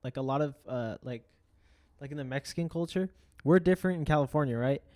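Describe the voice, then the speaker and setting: A man's voice: medium pitch, fairly quick, a little mellow. A man co-hosting a casual podcast, laid-back, mostly agreeing with short replies and swearing casually. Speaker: podcast co-host. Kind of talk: casual profane chat.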